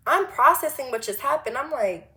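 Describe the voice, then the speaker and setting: A woman of twenty telling a storytime monologue, animated and blunt, swearing freely and firing off rhetorical questions. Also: high voice, moderate pace. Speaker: vlogger.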